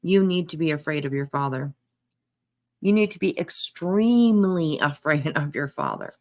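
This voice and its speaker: Low-voiced woman giving blunt commentary. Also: very animated, moderate pace, darkish tone. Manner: blunt, emphatic, talks back at the clip. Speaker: commentary streamer. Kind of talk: live reaction commentary.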